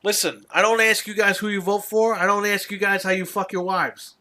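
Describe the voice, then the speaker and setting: Podcast host, male, raised tone, sharp edge, swears freely while venting. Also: sits high, little pitch movement, a little fast. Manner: profane, exasperated storytelling. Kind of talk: casual ranting chat.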